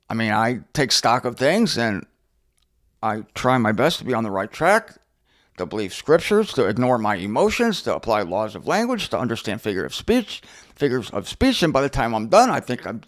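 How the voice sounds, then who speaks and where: Middle-aged guy hosting a bible show, sarcastic and fired up, voice jumping up and down a lot. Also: mid-range voice. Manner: sarcastic, animated, answers objectors directly. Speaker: Bible teacher and show host. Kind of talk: unscripted Bible teaching monologue.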